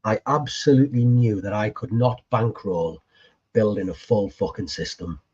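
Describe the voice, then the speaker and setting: A man talks in a relaxed, chatty way on a podcast, swearing freely and acting out old conversations line by line. His voice is warm and mellow with a husky edge. The audio sounds dull and lo-fi. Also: lowish voice, moderate pace. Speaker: podcast co-host appearing as guest. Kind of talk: casual storytelling chat.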